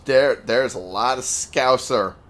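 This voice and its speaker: A man casually commenting while playing a video game, chatty and jokey. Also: slow pace. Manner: chatty, jokey, animated pitch jumps. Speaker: gaming video host. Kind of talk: casual let's-play commentary.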